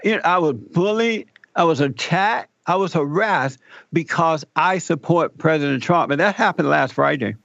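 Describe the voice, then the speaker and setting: An older man, himself a radio talk show host, animatedly recounts a personal story in an interview, voicing the dialogue. His a-little-high voice is creaky at a moderate pace, and the audio is dull, with no room sound.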